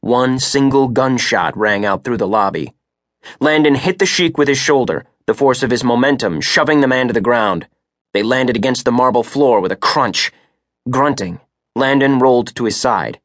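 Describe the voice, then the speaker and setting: A man narrating an audiobook thriller in a steady, measured way. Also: medium pitch, dry recording, clean studio sound. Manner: steady, measured, rising for action beats. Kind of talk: scripted narration.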